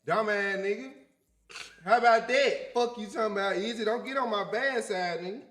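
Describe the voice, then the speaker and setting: A man with a Memphis accent, co-hosting a live reaction stream, talking loud and profane in heated casual banter. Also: high-pitched, normal speed, roomy sound. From Memphis, USA. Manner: loud, big-mouthed, profane, argumentative.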